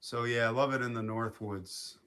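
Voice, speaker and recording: A man hosting a casual live stream from a quiet home in the woods, rambling and reading viewer comments aloud. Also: mid-range voice, steady tone, moderate pace, smooth. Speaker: livestream host.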